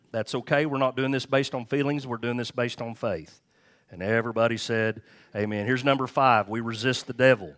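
A pastor preaching a sermon, candid and joking, with chuckled asides to the congregation. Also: male voice, medium pitch, a bit bright.

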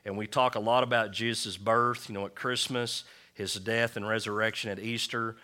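A male pastor preaches in a church in a conversational way, calling out to the congregation for responses. His voice sits a little low but sounds bright and forceful. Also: fairly even intonation, moderate pace. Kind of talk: sermon.

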